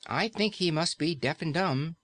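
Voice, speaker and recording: A man's voice: fairly high pitch, normal speed, a bit bright, pitched above the performer's own voice. A man doing a sensible, earnest woman cook.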